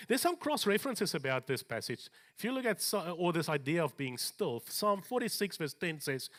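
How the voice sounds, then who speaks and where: Lively, animated male preacher. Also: fairly high pitch. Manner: animated preaching with joking asides, slowing down for scripture. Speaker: pastor. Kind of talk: sermon. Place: church.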